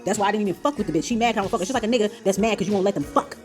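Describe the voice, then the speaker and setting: A woman rants in a confrontational, profane stream. Her words come very fast over faint background music, pitched at an ordinary middle level. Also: a little mellow. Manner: profane, confrontational, rapid ranting. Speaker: tarot channel host. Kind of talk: heated commentary on played clips.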